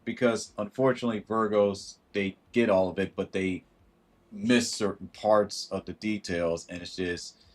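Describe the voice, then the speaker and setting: A man with a fairly low voice, chatting casually to his livestream audience. He talks in an animated way, slipping into other voices to act out what people think and greeting viewers mid-sentence. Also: measured pace. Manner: animated, acts out quoted thoughts in shifting voices. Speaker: livestream host.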